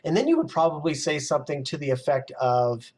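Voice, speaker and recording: Casual motivational coach guy, higher voice, animated and chatty. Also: brisk. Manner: casual, animated, acts out his inner voice. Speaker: success mindset coach. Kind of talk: motivational talk.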